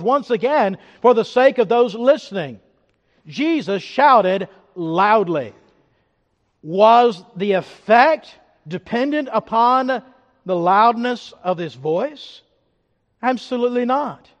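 High-voiced emphatic preacher man. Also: animated, slow pace, big-room sound, dull audio. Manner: emphatic preaching, rising loud then dropping to hushed reflection. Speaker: pastor. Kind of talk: sermon.

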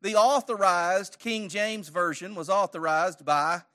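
Guy teaching bible class, pretty high voice for a man, keeps asking the room questions, cracks little jokes. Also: fairly even intonation, unhurried, a bit bright. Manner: conversational, quizzes the audience with questions; light joking asides. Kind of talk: church Bible study lesson.

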